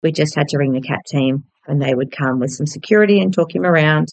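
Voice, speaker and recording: Woman, 30s, podcast host; low-ish voice, candid and gentle storyteller, dry booth sound. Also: fast, no echo, poor audio.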